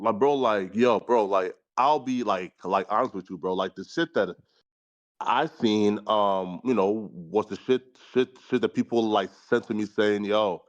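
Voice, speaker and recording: A fairly low-pitched man rambles in casual chat on a podcast panel, heavy on slang, profanity, and fillers such as "right" and "you feel me." The recording sounds muffled.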